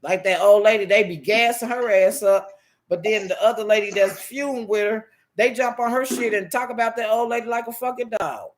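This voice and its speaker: A YouTube commentator from Washington DC rants casually about online streamers in a high-sitting voice at a slightly fast pace. His animated, profane stories are packed with laughter, and he acts out other people's quotes in shifting voices.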